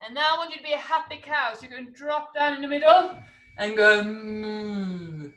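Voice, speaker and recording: A woman's voice: high voice, steady tone, fast, a bit bright. A woman teaching an online acrobatics class to children, calling out moves, counting and making animal sounds. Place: room at home, video class. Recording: echoey room, distant from the mic.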